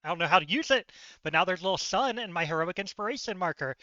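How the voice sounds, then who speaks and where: A chatty man on a live tabletop stream, giggling and poking fun at himself. His voice is high and very bright. The sound is dry and slightly dull, like lo-fi audio. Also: animated, quick pace, no echo. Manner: giggly, self-deprecating, chatty. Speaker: solo campaign player.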